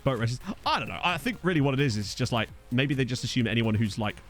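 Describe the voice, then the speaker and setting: A mid-range, animated male voice talks at a quick pace, faint music behind it. He's a young Essex man with the accent to match, casually streaming a football management game, answering his chat by reading it out and joking around.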